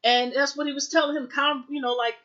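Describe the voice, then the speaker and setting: Female TV recapper with a fairly high voice, loose and rambling, full of "you know" and "like", slipping into character voices. Muffled, lo-fi home recording. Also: steady tone, fast, sharp tone. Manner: rambling, heavy fillers, acts out dialogue. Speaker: TV recap reviewer. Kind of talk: casual episode recap.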